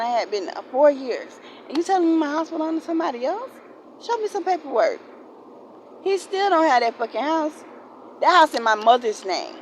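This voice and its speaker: Casting: woman, 40s, vlogger ranting to camera, blunt and swearing, fairly high voice, faint hum behind. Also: a bit bright, low-quality recording. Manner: blunt, profane venting with many repeats. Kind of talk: unscripted storytime rant to camera.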